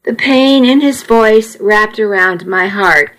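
A woman narrates a novel in the first person, earnest and measured. She takes her time over every phrase, in an ordinary middle-pitched voice. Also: a bit bright. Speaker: audiobook narrator.

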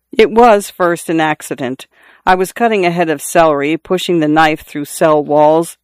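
A man narrating a literary first-person story in a measured, lyrical way. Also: on the high side, clean tone, no room sound. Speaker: audiobook narrator.

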